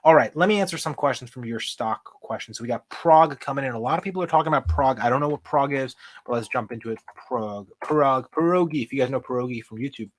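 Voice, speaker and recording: A young man hosts a relaxed livestream about stocks and thinks aloud as he clicks through charts. His voice sits at an ordinary middle pitch. The sound is dry and close, with no room around it. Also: fast, hardly any pauses, no echo. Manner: chatty, thinks out loud while reading charts. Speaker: host. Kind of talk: casual livestream stock commentary.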